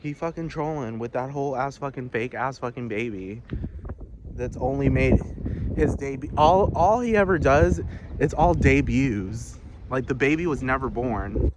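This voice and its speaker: A man's voice: mid-range voice, normal speed, background noise. A man vlogging a heated, profane rant with many restarts, outdoors. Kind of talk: casual ranting monologue.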